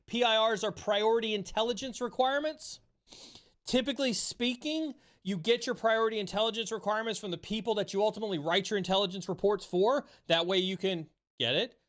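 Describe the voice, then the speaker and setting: A man's voice: high voice, fairly bright tone. A man hosting a livestream chat, giving an impassioned, repetitive motivational talk with casual swearing, then answering viewer questions. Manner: impassioned, swears freely, repeats phrases for emphasis. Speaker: streamer host. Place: home streaming setup.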